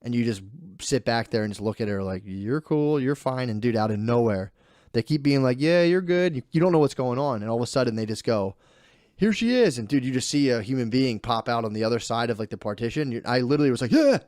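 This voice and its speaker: A man's voice: mid-range voice, fast talker, darkish tone, no room sound, clean studio sound. A young man co-hosting a podcast, telling a story in a loose, rambling way, swearing and laughing often. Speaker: podcast co-host. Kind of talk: casual chat.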